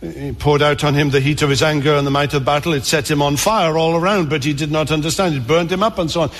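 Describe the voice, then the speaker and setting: Male preacher, slightly high voice, earnest sermon with halting restarts, echoing church hall. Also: steady tone. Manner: earnest, repeats words and stammers on restarts. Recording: long reverb of a large hall.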